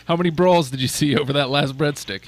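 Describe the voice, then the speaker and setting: A man's voice: fairly high pitch, fast talker, no echo. A man hosting a casual chat, asking questions in an easygoing way. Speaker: host.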